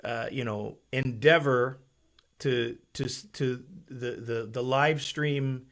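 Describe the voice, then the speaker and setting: A man hosting a casual church live stream, chatty, with halting restarts and easy laughter. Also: medium pitch, fairly even intonation, fairly bright tone. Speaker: church webcast host.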